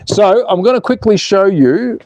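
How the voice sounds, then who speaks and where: An Australian man hosts a relaxed livestream, joking around with viewers and reading their comments aloud while he works on his slot car track. His voice is high-pitched and expressive, slightly mellow, at a normal speed.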